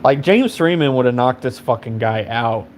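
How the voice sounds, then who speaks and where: A young man rants on a live stream in a loose, profane ramble full of fillers. His voice sits at an ordinary middle pitch. A faint background noise hums under it. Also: lively intonation, moderate pace. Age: 20s. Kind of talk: casual rant.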